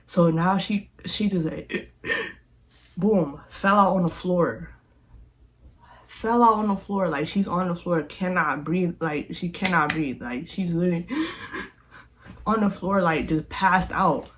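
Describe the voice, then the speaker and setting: A young woman vlogger telling a storytime in a chatty, animated way, speaking straight to her viewers. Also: lowish voice, measured pace, a little hiss or hum. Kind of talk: casual storytime.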